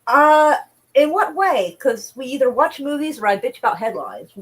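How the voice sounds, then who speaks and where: A woman's voice: sits high, very animated, normal speed, low-quality recording. A woman streaming casual news commentary, blunt and profane, chatting with viewers between headlines.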